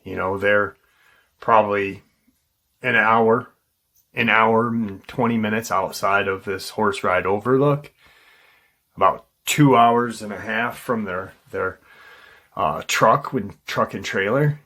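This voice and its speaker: A man hosting a paranormal channel, casually retelling a witness's encounter in a halting way, with frequent ums and restarts. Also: lowish voice, sharp tone.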